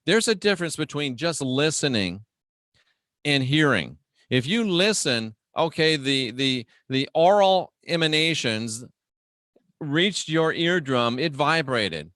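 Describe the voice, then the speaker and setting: In studio-quality, dry audio, a livestream host with a slightly high, animated, fairly bright voice teaches the Bible in a chatty but emphatic way. He slows and lifts his voice on important phrases, welcomes viewers, and talks to himself as he clicks around a website.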